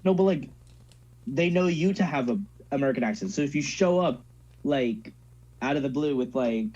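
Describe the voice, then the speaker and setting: A teenage guy co-hosting a casual podcast teases his friend and rambles, saying "like" constantly. His medium-pitched, slightly mellow voice keeps a moderate pace, and the recording sounds dull and lo-fi.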